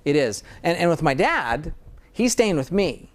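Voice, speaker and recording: A man's voice: a little high, big pitch swings, a little slow. A middle-aged American dentist in a casual interview, earnest and sometimes getting emotional about his work. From United States.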